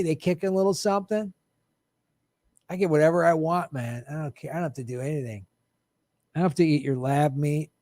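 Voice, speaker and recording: Man, comedian host, live-stream chat, sarcastic and joking, slightly high voice, dry close mic. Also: fairly quick, pauses often, mellow, dry recording. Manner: sarcastic, joking, swears, laughs often. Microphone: studio microphone.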